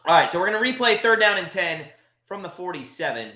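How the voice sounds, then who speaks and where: A man's voice: high voice, fast, echoey room. A man hosting a live watch party, calling the plays as a frustrated fan and breaking into exasperated outbursts. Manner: frustrated, animated, swings from calm play calls to exasperated outbursts. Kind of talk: live play-by-play fan commentary.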